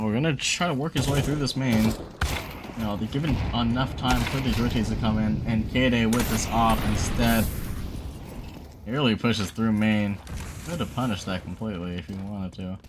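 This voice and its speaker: A man's voice: lowish voice, noisy background. A man calling a college esports final play by play, his voice jumping up on big plays. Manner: excitable, rises sharply on big plays. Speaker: esports caster. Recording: game gunfire and clicks behind the voice.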